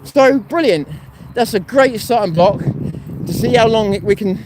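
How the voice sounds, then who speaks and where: Walking outdoors with street noise and traffic behind him, a man hosts a casual live stream in a high voice at an unhurried pace. He rambles bluntly and swears freely.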